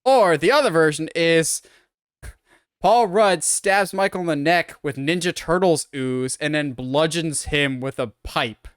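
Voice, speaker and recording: Smooth-voiced opinionated podcast man. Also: fairly high pitch, unhurried, no echo, clean studio sound. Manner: opinionated, rambling film breakdown. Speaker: podcast co-host. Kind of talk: casual podcast chat.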